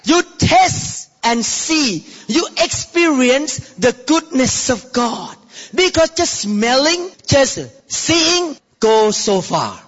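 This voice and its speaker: A man preaching a sermon as pastor, animated and exclaiming, often breaking into laughter. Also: very high voice. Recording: reverberant, dull lo-fi hall recording.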